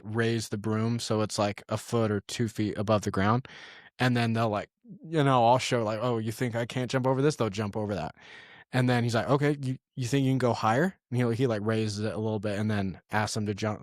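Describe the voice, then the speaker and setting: A man's voice: lowish voice, dry recording, clean studio sound. A man co-hosting a podcast, reflecting in a casual way and retelling an anecdote with quoted lines. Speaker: podcast co-host. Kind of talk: casual chat.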